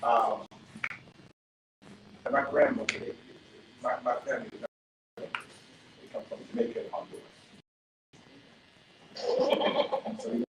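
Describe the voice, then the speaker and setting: A man's voice: medium pitch, huge pitch swings, slow pace, long pauses. A man in his fifties on a barbershop panel, rambling through family stories with many restarts and laughs. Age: 50s. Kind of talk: casual panel talk. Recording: echoey room, distant mic, noisy.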